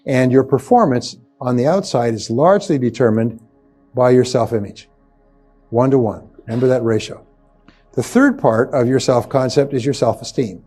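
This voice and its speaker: Speaking to a live audience in a seminar room, a man with a dark, medium-pitched voice delivers a lecture as a motivational speaker. He is emphatic and repetitive, hammering key phrases home.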